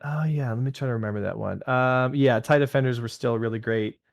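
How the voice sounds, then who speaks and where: A man's voice: mid-range voice, fairly quick, creaky, no room sound. A man as a podcast guest in casual chat, blunt and frank, swearing casually and laughing as he tells stories.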